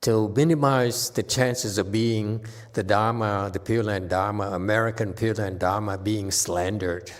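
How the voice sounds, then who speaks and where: Man, Buddhist teacher, Dharma talk, emphatic, forceful exhortations, long hall reverb. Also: fairly low pitch, steady tone, measured pace, few pauses.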